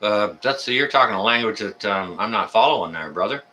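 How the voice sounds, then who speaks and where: On a casual live stream, a man with a lowish, animated voice talks fairly quickly in a sharp tone. As host, he calls out viewers by name and banters in a friendly, rambling way full of filler words, recorded slightly distant from the microphone.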